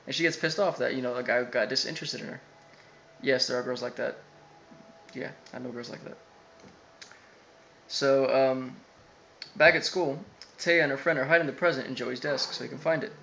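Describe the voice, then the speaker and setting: A man's voice: mid-range voice, fairly bright tone, muffled recording, a little hiss or hum. A man casually recapping an anime episode, rambling with lots of fillers and quoted asides.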